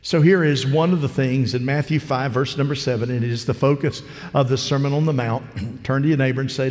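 A man's voice: medium pitch, brisk, a little mellow. A male pastor delivering a conversational sermon with a storytelling style, recorded in a church. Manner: conversational preaching, acts out parable voices. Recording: long reverb of a large hall.

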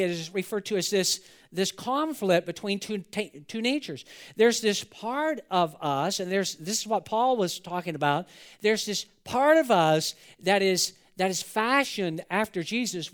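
A male pastor giving an earnest church sermon, often repeating words and restarting as he drives a point home. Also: sits high.

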